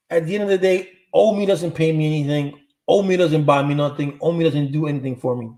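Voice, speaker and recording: A man's voice: a little high, fast talker, warm tone. A middle-aged man talks casually to his livestream viewers with a slightly raised voice. He rambles through stories and replies to comments, using street slang and plenty of cursing. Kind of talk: casual storytelling chat.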